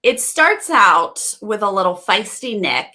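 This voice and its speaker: A woman's voice: medium pitch, measured pace. A woman co-hosting a casual recap show, acting out quotes as she talks. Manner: animated, acts out quotes. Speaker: co-host.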